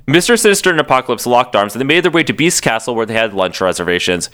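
A man's voice: medium pitch, very animated, fast, a bit bright, smooth. A man co-hosting a comedy podcast, reading fan fiction aloud dramatically and laughing through it. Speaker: podcast co-host.

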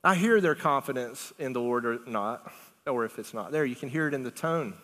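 Middle-aged pastor guy preaching, bright ringy voice, lots of quizzing the crowd, big echoey church. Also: mid-range voice, fairly quick. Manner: animated, conversational preaching with big swings in loudness; asks the congregation questions, laughs often. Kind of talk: sermon. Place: church sanctuary. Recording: long reverb of a church hall.

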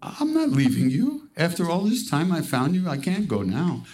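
A man voicing an agitated wandering male ascetic who shouts in a shrill, frantic way. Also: very animated, normal speed. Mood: insistent.

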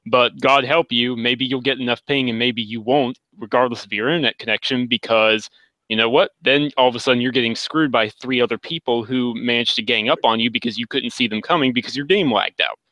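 A man's voice: mid-range voice, brisk, bright, forceful tone, no room sound, rough recording. A man co-hosting a gaming podcast, venting with frustrated energy. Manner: frustrated ranting. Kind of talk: casual chat.

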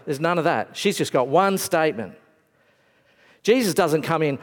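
A man preaching a sermon to a congregation, reflective and conversational, his voice dropping to a hush and then lifting again. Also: fairly high pitch, lively intonation, normal speed. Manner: reflective, swings between raised and hushed voice. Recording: long hall reverb.

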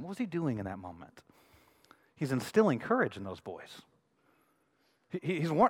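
Animated pastor preaching in a reverberant hall. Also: male voice, medium pitch, normal speed, pauses often, breathy edge. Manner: storytelling, builds to loud excited outbursts. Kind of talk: sermon.

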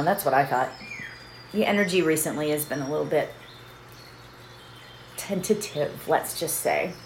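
A middle-aged woman hosting a meditation session in a casual, chatty way, laughing often and checking in with her listeners. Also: lowish voice. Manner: chatty, laughs often, keeps asking "right?". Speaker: meditation host. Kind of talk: casual chat leading a meditation. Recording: roomy echo with faint background noise.

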